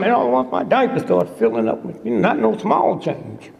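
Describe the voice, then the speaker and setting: A man's voice: high-pitched, big pitch swings, fast talker, creaky, a little mellow. An older man giving a humorous lecture to a live audience, sly and teasing, constantly prodding the crowd with "hmm?". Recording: long hall reverb.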